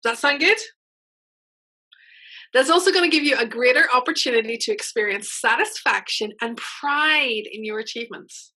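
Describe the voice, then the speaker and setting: Upbeat woman coach, bright and slightly high voice, chatty workshop delivery. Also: normal speed, low-quality recording. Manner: upbeat, chatty, frequent check-ins with listeners. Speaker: mental game coach. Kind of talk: online workshop teaching.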